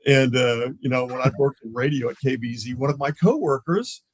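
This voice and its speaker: An older man, a former police officer telling animated stories in a casual chat. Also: mid-range voice, brisk, dry recording, poor audio. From Tulsa, Oklahoma. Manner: animated, acts out others' voices in his stories; laughs often mid-story.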